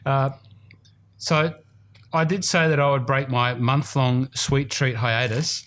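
A man's voice: medium pitch, fairly even intonation, takes it slowly, fairly bright tone. A man with an Australian accent hosting a golf podcast in casual, rambling chat, a bit self-deprecating. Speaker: podcast host. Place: studio room.

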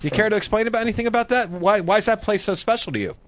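A man's voice: high-pitched, racing, a bit bright, lo-fi sound. A man hosting a casual podcast chat, joking and teasing his guest. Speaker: podcast host.

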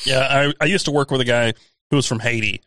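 A man co-hosts a casual podcast. His voice sits at a middling pitch, and he talks hesitantly with a mumbling habit. The sound is dry and close. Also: fast talker, sharp tone, no echo. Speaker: podcast co-host. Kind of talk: casual chat.

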